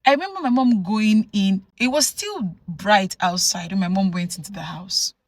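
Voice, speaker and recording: A woman from Nigeria telling a personal story to camera in an animated, conversational way, full of asides. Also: mid-range voice, moderate pace, dry recording. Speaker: vlogger. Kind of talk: storytelling vlog.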